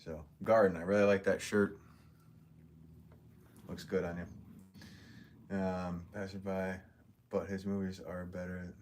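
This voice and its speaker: A man with a fairly low voice hosts a laid-back live stream, joking his way through viewers' comments. His talk is chatty and loose, with easy laughs. Faint ambient hiss sits under him. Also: little pitch movement, takes it slowly, long pauses, a little mellow. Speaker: potter hosting a live stream. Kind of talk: casual live-stream chat.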